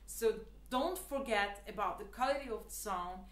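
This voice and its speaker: A woman's voice: mid-range voice, normal speed, a bit bright, echoey room. A woman teaching the clarinet in a casual, chatty way, with lots of fillers and earnest, repeated advice. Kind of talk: casual spoken tutorial.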